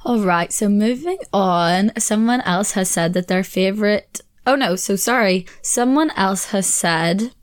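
A woman's voice: mid-range voice, measured pace, hardly any pauses, clean tone. A Northern Irish woman hosting a podcast alone, chatting casually and rambling with lots of "like" fillers. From Northern Ireland. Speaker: podcast host. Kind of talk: casual solo podcast chat.

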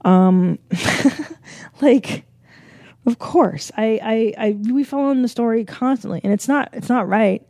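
A woman's voice: on the high side, unhurried, long pauses, mellow, no room sound, studio quality. A woman hosting a podcast in a casual monologue, rambling, swearing freely and laughing often. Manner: rambling, frank and profane, with frequent laughs and fillers. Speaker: podcast host.

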